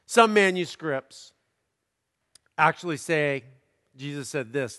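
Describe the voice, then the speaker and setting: Preacher, male, higher voice, unhurried scripture reading with commentary, long reverb. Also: animated, fairly bright tone. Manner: slow, deliberate reading with commentary.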